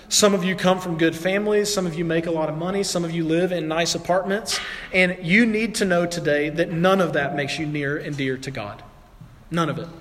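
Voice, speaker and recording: A man's voice: a little high, long reverb tail. A man preaching a sermon to his congregation in a conversational way, sometimes acting out the voices of people in the story. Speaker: pastor.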